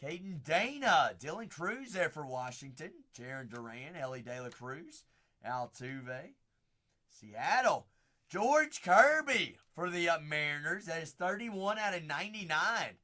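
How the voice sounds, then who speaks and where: Excitable man calling a card break. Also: fairly high pitch, unhurried. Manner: excitable, calls out players and teams, bursts into shouts on big pulls; chats with viewers by name between cards. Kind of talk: live-stream card break commentary.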